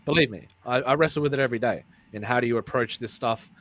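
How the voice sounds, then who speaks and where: A man's voice: medium pitch, fast, fairly bright tone, slight background noise. A man hosting a casual live-streamed talk show, rambling and repeating his words, often breaking into laughs. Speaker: podcast host.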